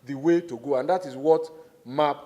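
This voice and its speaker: A middle-aged man with a Nigerian accent speaks as a government minister at a formal public hearing. His voice sits a little high, and he explains his points in a measured, deliberate way, stressing key words. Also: steady tone, dark tone.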